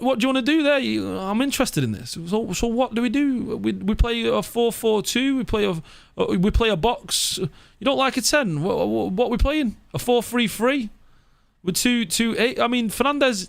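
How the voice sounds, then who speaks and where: Man, fan channel live streamer, high voice, animated, mock outrage, repeats himself. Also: creaky. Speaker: fan channel presenter reading live chat. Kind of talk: casual live-stream chat.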